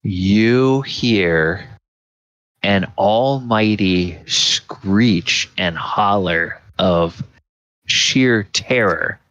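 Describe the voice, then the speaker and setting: A man with a low, deep voice runs a tabletop game at an unhurried pace, stopping often for fillers as he narrates. The sound is dull and muffled, with no room echo. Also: fairly bright tone. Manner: halting, many fillers. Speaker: game master.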